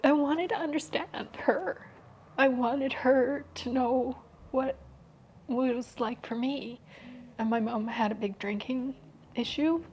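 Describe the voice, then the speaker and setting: On a podcast, a female guest speaks in a high voice during an open, personal conversation, quietly and haltingly, often hushing to nearly a whisper. The audio is dull and has slight background noise.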